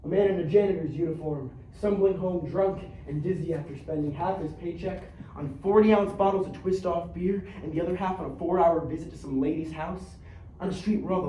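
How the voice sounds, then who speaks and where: A man's voice: fairly high pitch, warm tone, slight background noise, natural voice. An actor on a theater stage playing a streetwise young man who believes he is Batman, talking in slang and acting out fights with sound effects. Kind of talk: theatrical monologue. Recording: echoey stage recorded from far off.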